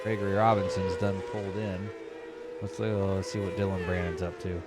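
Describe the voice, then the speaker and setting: A man with a fairly low voice calls an online race he is driving in, chatting casually and lifting with excitement when the action heats up. There's a clear hum of noise under his voice. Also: a little fast. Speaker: sim racing commentator and driver.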